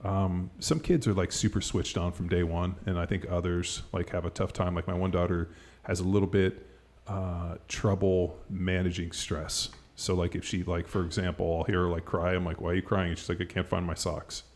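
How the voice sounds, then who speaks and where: A man's voice: sits low, flat delivery, normal speed, darkish tone. A middle-aged man hosting a podcast in casual chat, rambling with lots of "like" and the odd swear word. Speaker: podcast host.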